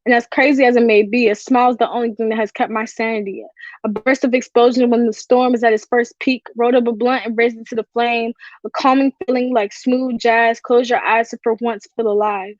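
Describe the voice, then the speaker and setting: A woman performing a spoken word poem at an online open mic, with a steady, confessional delivery. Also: on the high side, a little fast, no echo, dull audio. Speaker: poet. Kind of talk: spoken word poetry reading.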